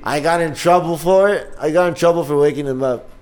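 A man who does open-mic comedy, talking in a casual podcast chat with a raspy voice and a profane, animated way of telling stories. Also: a little high, brisk.

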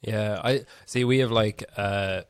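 Low-voiced man, dry sound. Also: steady tone, slow pace, clean tone, dry recording. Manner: chatty, self-deprecating, frequent swearing. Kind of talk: casual chat.

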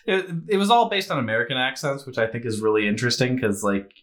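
A man's voice: mid-range voice, fast, a bit bright. A man co-hosting a tabletop game podcast in casual chat, rambling with restarts and goofy asides. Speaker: podcast co-host.

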